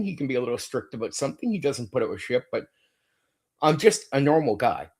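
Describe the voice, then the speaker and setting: A man's voice: fairly high pitch, expressive, normal speed. Profane, indignant man ranting. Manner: profane, repetitive, frequent stammered restarts; defensive and indignant. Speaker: channel host. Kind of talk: heated livestream rant.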